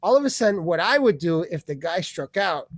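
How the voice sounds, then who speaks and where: A man's voice: sits high, sing-song, a little fast, heavy background noise. A man hosting an online open mic, ranting and rambling with profanity and sudden voice changes, over a video call. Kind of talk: comedy rant.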